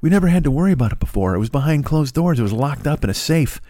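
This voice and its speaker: A man's voice: fairly high pitch, expressive, very fast, warm tone, no room sound, studio quality. A middle-aged man hosting a comedy podcast, ranting in a profane, exasperated way. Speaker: comedian host.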